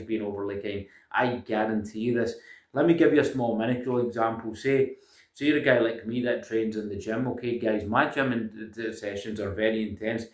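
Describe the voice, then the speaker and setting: His voice is on the low side, captured by a distant mic in a reverberant space. Addressing viewers in a casual to-camera monologue, he pushes self-improvement advice in an insistent, lecturing way, constantly saying "guys" and often hesitating with ums and uhs.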